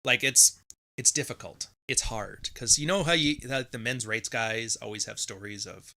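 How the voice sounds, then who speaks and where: A man's voice: medium pitch, moderate pace, creaky, bright, forceful tone. A middle-aged man from Canada hosting a podcast, ranting casually and bluntly, swearing freely and sarcastically acting out other people's lines. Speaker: podcast host.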